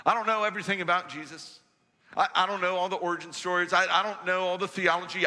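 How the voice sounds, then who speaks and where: A man's voice: sits high, pushed and bright, in a large hall. A preacher acting out a defiant man once blind. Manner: emphatic, rising and insistent.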